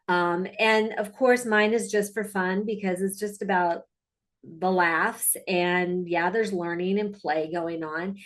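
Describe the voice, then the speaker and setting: A woman's voice: lowish voice, fairly even intonation, slow. A woman dog trainer narrating her video clips in a casual, chatty, upbeat way, with fillers and asides.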